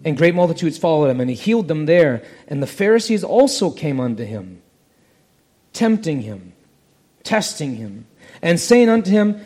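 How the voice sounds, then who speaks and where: A man preaching in an animated storytelling style, his voice sitting a little high for a man. It carries a long reverb, as if he is speaking in a large church hall. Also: normal speed. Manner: animated, acts out the parable's voices. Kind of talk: expository sermon.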